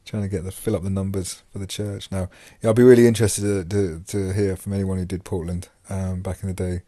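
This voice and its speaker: A man's voice: low voice, little pitch movement, brisk, dark tone, no echo, studio quality. A man hosting a podcast, talking casually about his time in prison, rambling with many fillers and restarts. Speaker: podcast host and former prisoner. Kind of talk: casual monologue.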